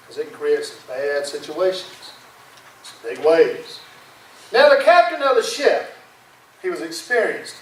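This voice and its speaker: A male pastor preaching a sermon in a folksy, dramatic storytelling way. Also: high-pitched. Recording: echoey room from far off.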